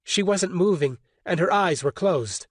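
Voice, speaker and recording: A man narrating an audiobook in a steady, measured reading. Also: high voice, dry recording, studio quality. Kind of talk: scripted narration.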